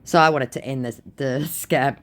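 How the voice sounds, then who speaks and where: A woman's voice: very deep voice, steady tone, moderate pace. A woman who baits scammers and tells the story of a chat in a mocking, amused and blunt way. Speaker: scam baiter. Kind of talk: casual storytelling.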